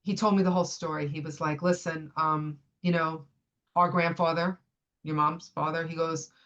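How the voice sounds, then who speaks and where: With a deep voice at normal speed, this American podcast guest in her fifties shares a personal story in relaxed conversation. She retells it animatedly, performing the other people's lines herself, on a recording with the highs cut off.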